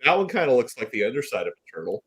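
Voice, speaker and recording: A man's voice: medium pitch, sing-song, racing, a bit bright. A man with a mid-range voice chats as co-host on a stream. He rambles and hedges, tossing in playful asides. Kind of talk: casual chat.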